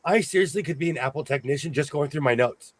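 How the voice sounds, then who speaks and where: A man with a fairly high speaking voice hosts a sewing stream. He chats casually and tells stories with animated, playful asides. The talk is loose and conversational. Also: fast talker. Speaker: host of a sewing show. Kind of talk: casual livestream chat.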